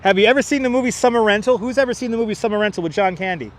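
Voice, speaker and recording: Racing along in a high-pitched voice, a man runs a casual, joking planespotting livestream from outside near an airport. He calls out incoming flights, captured on a wireless clip-on mic.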